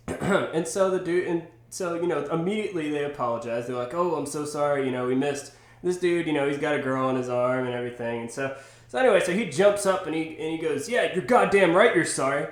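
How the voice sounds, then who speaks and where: A young man from Georgia telling a story in a casual podcast chat, animated and full of "you know" fillers. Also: on the high side, brisk. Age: young adult. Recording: roomy echo.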